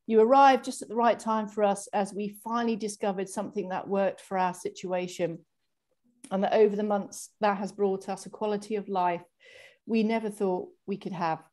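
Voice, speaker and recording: A woman's voice: mid-range voice, a little mellow. A woman hosting an online exercise class celebration, reading out thank-you messages on a video call in a chatty way with frequent restarts.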